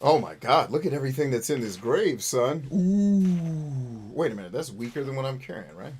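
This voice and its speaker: A man's voice: mid-range voice, big pitch swings, normal speed, darkish tone, husky. A man hosting a live game stream, chatting with viewers in a profane, joking, self-mocking way. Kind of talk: live gameplay commentary reading chat.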